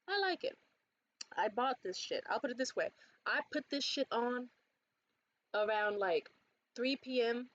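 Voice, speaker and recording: A young woman in casual vlog chat about a beauty haul, animated and swearing freely, jumping up high when quoting others. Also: lo-fi sound. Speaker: beauty vlogger. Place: bedroom.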